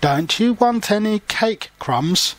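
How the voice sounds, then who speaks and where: A brave little boy mouse who leads his family through the garden, read by a man. The lines come slowly and lift higher when he warns of danger, and the voice sits in a dry, close space. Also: animated, no room sound. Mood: coaxing. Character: young male mouse guide, brave and cheerful.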